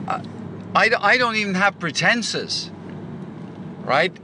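Middle-aged male podcast host, slow and meandering, leaving a chatty voice note over clear car noise. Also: high-pitched, lively intonation. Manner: chatty, rambling with fillers. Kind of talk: casual voice-message chat.

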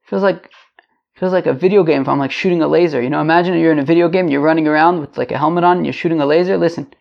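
A man's voice: on the high side, steady tone, rapid-fire, vocal fry. A middle-aged man, teaching a casual daily Talmud class in a rambling, chatty way with joking asides. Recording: lo-fi home mic.

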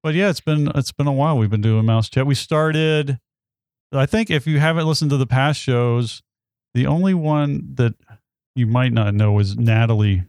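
A man's voice: medium pitch, normal speed, darkish tone, dry recording, studio quality. A man in his forties hosting a casual podcast chat, teasing and evasive about a surprise. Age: 40s. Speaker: podcast host.

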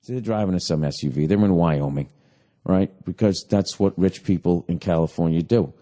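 A man's voice: deep voice, a little fast, dark tone. A man co-hosting a comedy podcast, telling a crude, rambling story full of profanity. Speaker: podcast co-host.

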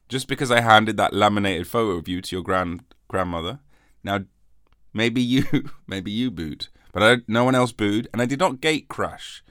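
A man's voice: fairly low pitch, fairly bright tone, dry recording, studio quality. A man hosting a comic solo podcast, rambling and mock-defensive, with a lingering cough after covid. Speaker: podcast host.

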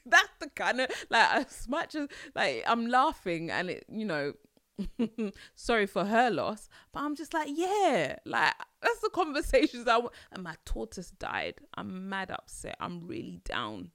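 Animated young woman, lively pitch. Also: no room sound, clean studio sound. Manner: animated, exasperated, laughs often, slangy asides. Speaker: podcast host. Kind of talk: casual solo podcast monologue.

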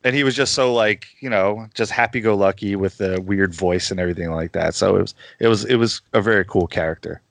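Laid-back guy on a podcast mic, kinda low voice, dry close sound, chatty. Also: brisk, creaky, few pauses, no room sound. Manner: chatty and easygoing, laughs often at himself. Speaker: podcaster and YouTuber, guest. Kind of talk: casual podcast chat.

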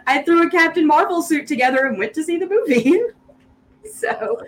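A woman's voice: very high voice, lively intonation, normal speed, poor audio. A woman with a Southern US accent in casual podcast chat, talking eagerly and laughing often. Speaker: podcast co-host.

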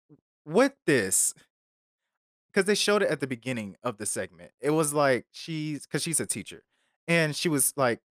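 A man's voice: fairly low pitch, no echo. Rambling, filler-heavy man, dry sound. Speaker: podcast host reviewing a film. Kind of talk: casual chat.

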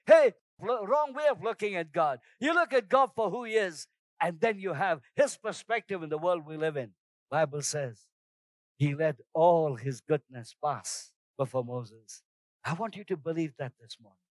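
A man's voice: sits high, moderate pace, no echo. A man preaching a sermon as pastor, telling personal stories and calling on the congregation to respond. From outside Singapore, first trip abroad. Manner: storytelling, animated shouts in anecdotes.

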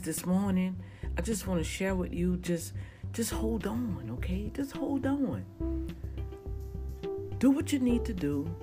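A lower-pitched woman shares her faith in a casual, animated testimony, talking straight to her viewers. Music plays clearly behind her voice the whole time. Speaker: vlogger sharing a testimony.

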